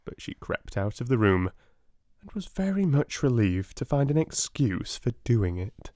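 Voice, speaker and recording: British man reading a storybook aloud, slow and lively, dry studio sound. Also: medium pitch, dry recording. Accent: British English. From Britain. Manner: unhurried and expressive. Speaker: audiobook narrator. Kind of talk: unhurried audiobook narration.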